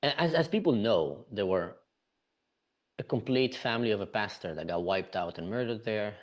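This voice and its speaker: A man's voice: lowish voice, expressive, normal speed. A man from Israel, a podcast guest, earnestly recounting events with frequent "you know" fillers.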